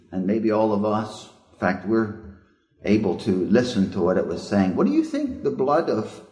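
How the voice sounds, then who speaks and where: A man's voice: on the low side, darkish tone, roomy sound. A male preacher giving a sermon in a reflective, questioning way. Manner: reflective, asks the listeners questions.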